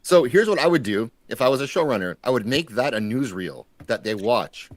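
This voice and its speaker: A man's voice: mid-range voice, expressive, a little fast, no echo. A man making dry, sarcastic remarks in a casual watch-party chat.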